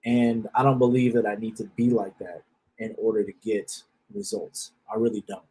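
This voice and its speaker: A man's voice: fairly low pitch, fairly even intonation, moderate pace, dark tone, slightly rough, poor audio. A man with a wife and children giving a blunt, profane motivational talk that often repeats itself. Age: adult with a wife and children. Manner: repeats phrases, restarts. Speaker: self-help speaker.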